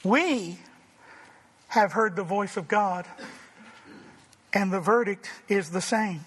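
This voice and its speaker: A man preaching a sermon, emphatic and rising to forceful declarations. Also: high-pitched, slow, long reverb tail, a little hiss or hum. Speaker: pastor.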